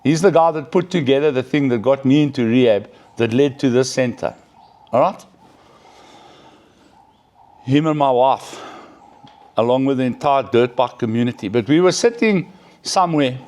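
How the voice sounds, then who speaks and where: A middle-aged man telling a personal story in a casual, animated way, often checking in with "right?". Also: medium pitch, normal speed, long pauses. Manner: animated, peppers speech with "right?". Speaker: recovering addict sharing his story.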